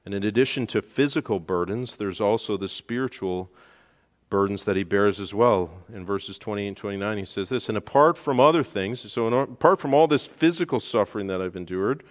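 A man's voice: a little fast, in a large hall. A man preaching a verse-by-verse sermon as pastor, who lifts his voice sharply to stress key points. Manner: emphatic, rises in pitch and volume to stress points. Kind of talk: expository sermon.

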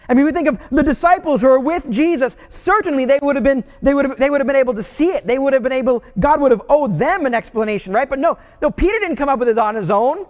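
A man with a notably high voice preaches a sermon, telling stories in a relaxed, conversational way. His voice rings out with a long reverb from a large hall. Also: quick pace. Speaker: pastor.

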